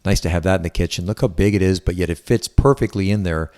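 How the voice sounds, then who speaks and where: A man's voice: deep voice, quick pace, darkish tone. A man giving an enthusiastic, chatty walkthrough tour of a house as a real estate agent. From Southwest Florida resident. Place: indoors in a house.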